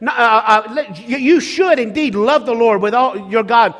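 A middle-aged male pastor with a notably high voice delivers a sermon, hammering home repeated phrases and stumbling into restarts as he presses each point. His words carry a long reverb, as if spoken in a large sanctuary. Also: unhurried, a bit bright. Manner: emphatic, repetitive preaching with restarts.

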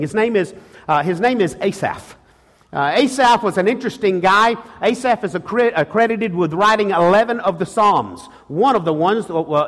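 Man, pastor, very high voice, impassioned sermon, repeats and restarts phrases, church sanctuary, long echoing reverb. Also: a bit bright. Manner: impassioned preaching, rhetorical calls to the congregation; frequent restarts and repetitions. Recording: long reverb of a large hall.

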